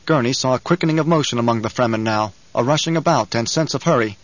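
A man narrating a novel in an even, unhurried storytelling voice. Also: medium pitch, no room sound, lo-fi sound. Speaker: audiobook narrator. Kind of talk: scripted narration.

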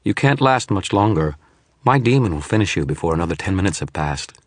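A scornful shadow phantasm, as a man reads it out, raised well above a deep narrating voice and pushed harder. It speaks with total confidence and a sneer, in a dry, close audiobook sound. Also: expressive, brisk, slightly rough, no echo. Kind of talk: audiobook character voice.

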